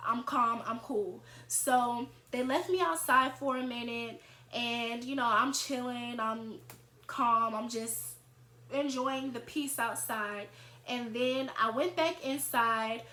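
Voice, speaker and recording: A young woman vlogger telling a storytime tale in an animated, chatty way. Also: a little high, slow. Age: young adult. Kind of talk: storytime vlog. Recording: echoey room.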